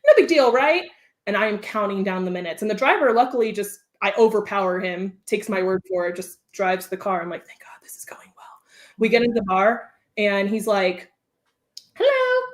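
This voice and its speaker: A woman's voice: mid-range voice, brisk. A woman from Southern California, a livestream guest telling a story and acting out the voices of the people in it. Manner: animated, acts out quoted voices.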